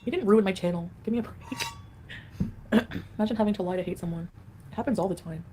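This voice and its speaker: A woman's voice: fairly low pitch, rapid-fire, mellow, a little hiss or hum. A woman livestreaming in a casual, rambling way, reading viewer comments aloud and answering them.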